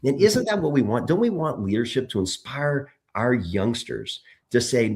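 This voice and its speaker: Animated middle-aged man telling stories. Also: mid-range voice, moderate pace, hardly any pauses. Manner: animated storytelling, frequent restarts. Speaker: political candidate as guest. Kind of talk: conversational interview.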